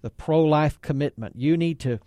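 A man's voice: on the high side, normal speed, warm tone, dry recording, studio quality. A man hosting a talk radio show, earnest and emphatic, preacherly in his appeals to listeners.

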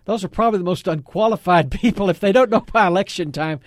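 A man's voice: sits high, fast talker, dry recording, clean studio sound. A man hosting a talk radio show, earnest and emphatic, preacherly in his appeals to listeners.

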